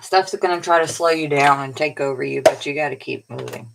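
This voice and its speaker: A woman's voice: sits low, brisk, vocal fry, background noise. A woman tarot reader giving a casual, rambling spiritual pep talk in a colloquial way, sounding tired. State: tired, yawning.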